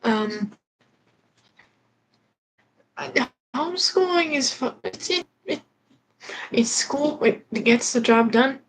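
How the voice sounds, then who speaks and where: A woman's voice: fairly high pitch, animated, slow, long pauses, low-quality recording. A woman chatting hesitantly on a livestream, full of fillers and restarts. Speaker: guest filling in on a livestream. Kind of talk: hesitant casual chat.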